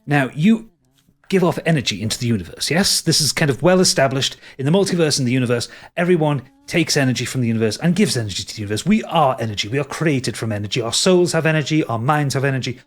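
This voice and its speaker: A weakened vampire scholar, frantic and insistent, lecturing at a mid-pitched level, as a man puts him on in a tabletop game. He presses his points hard and keeps asking for agreement. Urgent, breathless excitement runs under every line. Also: fast talker, natural voice. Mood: excited lecturing.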